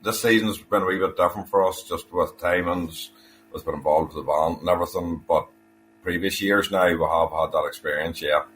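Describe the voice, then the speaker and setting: A man tells a story plainly as a podcast guest. His voice is very low, and a faint background noise runs under it. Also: fairly even intonation, fairly quick, a bit bright, low-quality recording. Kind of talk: casual chat.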